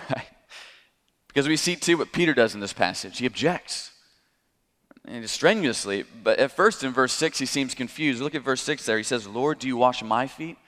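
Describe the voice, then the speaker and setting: A man of ordinary pitch preaching an expository sermon. He explains the passage in a relaxed, conversational way, with the odd chuckle. His voice rings with the long reverb of a big hall.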